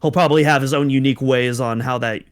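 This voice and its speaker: A man's voice: mid-range voice, fairly even intonation, fast talker, smooth. A young man co-hosting a casual podcast, talking in an easygoing, joking way and often hedging his points. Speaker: podcast co-host.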